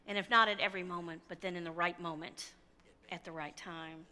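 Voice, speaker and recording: Animated woman pastor preaching in a hall. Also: lowish voice, moderate pace. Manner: storytelling, animated and conversational. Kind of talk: sermon. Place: church sanctuary. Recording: long church hall reverb.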